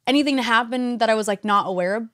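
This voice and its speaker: Fast-talking young woman telling a story. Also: fairly high pitch, a bit bright, no room sound, clean studio sound. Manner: fast and chatty, filler-heavy, acts out dialogue. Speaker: podcast guest. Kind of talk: casual storytelling interview.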